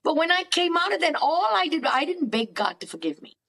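A woman therapist and podcast guest who talks in an animated, emphatic way and often acts out quoted dialogues in a faith-based counselling conversation. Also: extremely high pitch, fairly quick, creaky.

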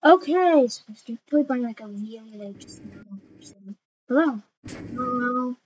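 A woman hosting a casual game role-play and judging contestants, brisk and exasperated. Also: fairly high pitch, expressive, a little mellow. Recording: dull lo-fi audio with faint noise.

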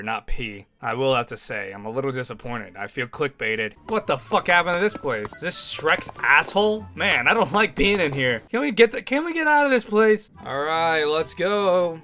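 A young man giving loud, excitable gameplay commentary with frequent yelling and swearing. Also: on the high side. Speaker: gaming YouTuber.

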